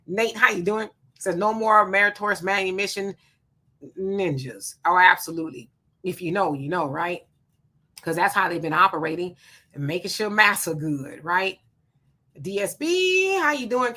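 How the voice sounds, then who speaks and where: A woman's voice: mid-range voice, pushed and bright. Chatty woman reading live-stream comments. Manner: chatty, greets commenters by name, reads comments aloud. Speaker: livestream host reading viewer comments.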